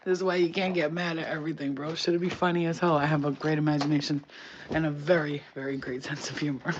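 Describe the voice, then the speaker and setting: A woman's voice: low-pitched, flat delivery, fast talker, lo-fi sound, a little hiss or hum. A woman chatting casually on a live stream, rambling, swearing and laughing often. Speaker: livestreamer.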